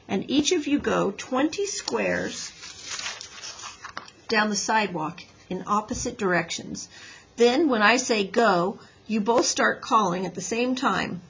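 A woman's voice: medium pitch, creaky, a bit bright, slightly rough, full character voice, low-quality recording. A woman voicing a fair-minded boy who referees the contest in a firm, commanding tone.

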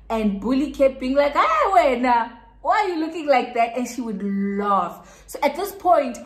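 In an echoey room, a South African woman who makes YouTube videos tells her audience a laid-back story, chatting away and doubling up words to stress them. Her voice sits in the mid range with a slightly mellow quality.

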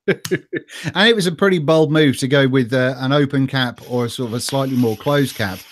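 A man's voice: medium pitch, moderate pace, slight background noise. A man hosting a casual interview, chatty and rambling with many fillers. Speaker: host.

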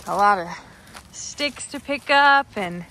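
Lady vlogging on her farm, unhurried drawl, faint outdoor noise, baby-talks her goats. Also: mid-range voice, lively intonation, sharp tone. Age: adult, working a day job. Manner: coos and baby-talks to goats, laughing often. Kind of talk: casual vlog narration.

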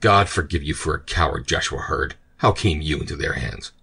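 A man's voice: very deep voice, moderate pace, gravelly, sharp tone, breathy edge, exaggerated voice. A man voicing a grim, fierce male ship captain in an audiobook, angry and defiant. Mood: bitter.

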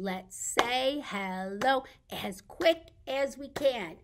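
Woman, children's storytime leader, bouncy exaggerated sing-song, slow and patient delivery, high voice. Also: background noise. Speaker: children's librarian. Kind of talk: baby storytime with songs and reading. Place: library.

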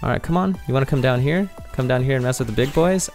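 A man's voice: mid-range voice, fast, few pauses, darkish tone. Chatty goofy let's play guy, middle voice, game music faint. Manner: jokey, upbeat, chatty. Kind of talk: game commentary.

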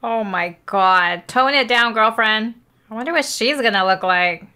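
A woman hosting a reaction video, giving casual, excitable running commentary with lots of exclamations. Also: fairly high pitch, a little slow, smooth.

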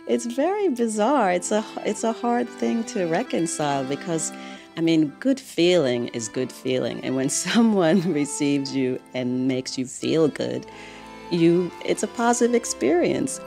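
A woman's voice: low voice, measured pace, gravelly, music in the background. An American woman from Brooklyn, interviewed about her life, telling stories candidly and laughing often. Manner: animated storytelling, laughs often.

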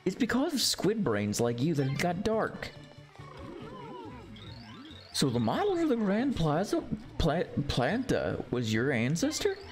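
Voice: mid-range voice, huge pitch swings, unhurried, long pauses, soft background music, voice pushed up. A streamer voicing squabbling male island townsfolk from a video game, reading their lines in a raised, indignant voice.

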